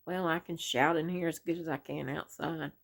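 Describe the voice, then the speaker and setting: A middle-aged woman, chatting casually on her crochet vlog and rambling through a story with many pauses and "anyway"s. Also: low voice, fairly even intonation, vocal fry. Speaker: crochet vlogger.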